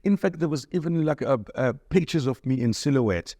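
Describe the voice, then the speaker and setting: A man, a radio host being interviewed, telling his career story in a lively way and acting out the people he quotes. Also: medium pitch, normal speed, dry recording, clean studio sound. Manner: lively, acts out quoted dialogue.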